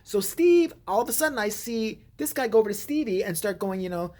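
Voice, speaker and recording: A woman's voice: medium pitch, animated, fairly quick, dark tone. A woman vlogger giving blunt, heated, profane commentary and telling a story.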